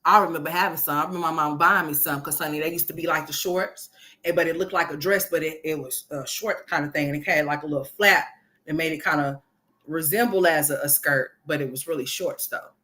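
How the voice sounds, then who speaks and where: Sassy cussing woman host, bright tense voice, going off on a commentary stream. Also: low voice, fast talker. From Oklahoma. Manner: brash, profane, loud sassy rants. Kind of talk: livestream commentary on a reality video.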